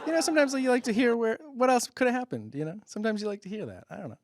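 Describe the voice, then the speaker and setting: Self-deprecating and rambling, this public-access comedy host speaks in a very high voice, animated and rapid-fire, with many fillers as he laughs at his own jokes and checks whether they land. The studio sound is clean with no room sound, though some chatter is audible behind him.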